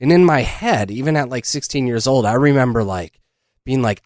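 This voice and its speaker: Here a podcast co-host has an expressive, medium-pitched voice with a darkish tone, speaking at a moderate pace. The studio-quality recording is dry. He rambles through a story in relaxed chat, bursting into laughter now and then.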